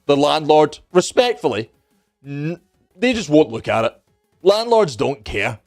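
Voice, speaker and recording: A young man telling a story in casual, animated chat, swearing freely and acting out what other people said. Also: fairly high pitch, measured pace, soft background music. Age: young adult. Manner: animated, profane, acts out other people's lines. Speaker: streamer.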